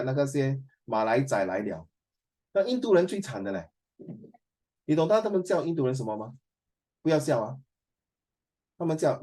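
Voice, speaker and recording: A man's voice: mid-range voice, mellow. Singaporean guy teaching, rambly and chatty, keeps asking the class stuff. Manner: chatty, quizzes students, many fillers. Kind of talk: classroom lecture.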